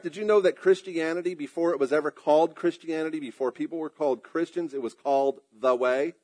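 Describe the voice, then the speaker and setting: Emphatic man preaching a sermon. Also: high voice. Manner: preaching with emphatic drawn-out phrases and sudden asides. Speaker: pastor.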